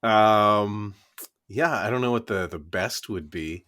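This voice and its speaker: A man's voice: lowish voice, slow pace, bright, forceful tone. A man who is a voice actor and a podcast guest, telling playful anecdotes and hesitating with fillers while he thinks. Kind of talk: casual podcast chat and anecdotes.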